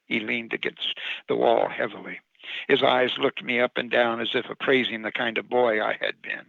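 A man reading his own short story on the radio in a wry, sardonic way. His voice is deeply gravelly with a bright, forceful edge. The recording is dry and a little dull and lo-fi. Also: fairly even intonation, normal speed, dry recording. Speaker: radio commentator and writer.

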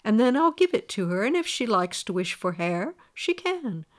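A woman's voice: medium pitch, very animated, moderate pace, lightly acted. Woman voicing a firm storybook king. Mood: tender. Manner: firm, lecturing, then tender.

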